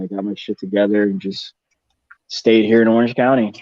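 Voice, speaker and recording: Laid-back young male co-host, deep-ish, loose slangy storyteller, muffled dry mic. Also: fairly even intonation, normal speed, no room sound. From Texas. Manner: rambling, slangy, many fillers and restarts. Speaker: podcast co-host. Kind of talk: casual storytelling chat. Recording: dull dry studio sound.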